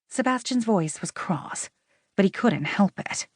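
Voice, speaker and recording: A woman narrating a romance audiobook in a measured, expressive reading on a close studio mic. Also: medium pitch, slightly rough, no echo. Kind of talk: scripted narration.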